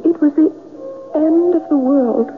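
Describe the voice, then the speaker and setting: Brief: yearning female ghost in a radio play, high and unhurried, heard over a thin lo-fi broadcast with music. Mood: mournful. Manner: soft, pleading, mournful. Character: ghost of a young woman, sorrowful and yearning. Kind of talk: 1970s radio drama acting.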